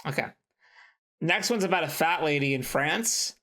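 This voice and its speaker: A man co-hosting a podcast, casually retelling film plots in a rambling, animated way. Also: a little high, normal speed. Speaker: podcast co-host. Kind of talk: casual chat.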